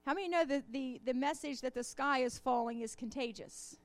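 A woman's voice: high voice, a little fast, dry recording. A woman preacher delivering a sermon with call-and-response, often calling out amen and hallelujah. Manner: call-and-response, rising fervor.

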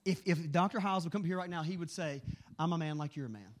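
A middle-aged man preaching a sermon, telling animated stories in a quick, excitable way. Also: a little high. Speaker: pastor.

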